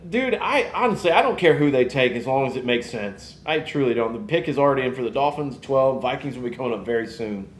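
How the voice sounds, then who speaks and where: A man, hosting a casual live podcast and rambling in an animated way. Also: mid-range voice, quick pace, hardly any pauses, echoey room, slight background noise. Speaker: podcast host. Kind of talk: casual live-stream chat.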